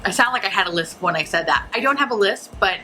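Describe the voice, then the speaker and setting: A woman's voice: mid-range voice, lively intonation, quick pace, sharp tone, slight background noise, rough recording. A woman hosting a makeup review vlog from home, chatting in a goofy, rambling way and swearing freely. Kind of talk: casual vlog chat. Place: home, early morning.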